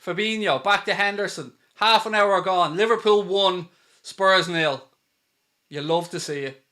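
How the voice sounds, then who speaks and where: Man, football watchalong host, excitable play-by-play, high voice, bright tone. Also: unhurried. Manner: excitable, shouts at big moments, reads out super chats. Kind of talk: live match commentary and chat.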